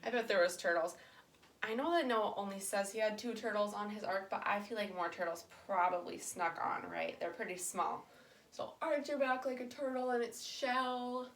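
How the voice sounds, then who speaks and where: A young woman with a medium-pitched, fairly bright voice leads children through a yoga lesson at a normal pace. She keeps it playful and encouraging, using simple words for the kids.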